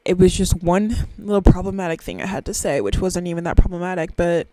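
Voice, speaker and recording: A young woman hosting a casual solo podcast, talking in an animated, silly, excitable way with sudden squeals. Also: fairly low pitch, fast talker, noisy background. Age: young adult. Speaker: podcast host.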